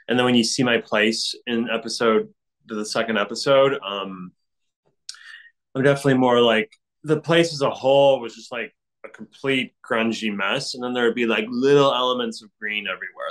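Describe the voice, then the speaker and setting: A man of ordinary pitch talks through his memories in a loose, meandering way, full of fillers and restarts. He laughs easily. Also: normal speed, fairly bright tone, rough recording. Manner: rambling, many fillers like "like" and "um", laughs often. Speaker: actor guest. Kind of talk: casual interview chat.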